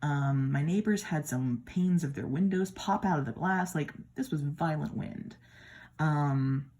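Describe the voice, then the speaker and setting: This tarot reviewer from the American Midwest has a low-pitched, dark voice and an unhurried delivery. At home she compares decks in a chatty, admiring way, tossing in playful asides.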